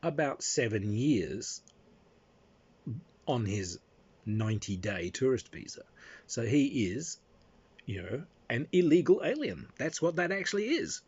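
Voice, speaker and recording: A man's voice: mid-range voice, sing-song, unhurried, pauses often, a little mellow, slightly rough. A man telling a casual spoken anecdote, rambling along with fillers and restarts. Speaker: storyteller. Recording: dull lo-fi recording.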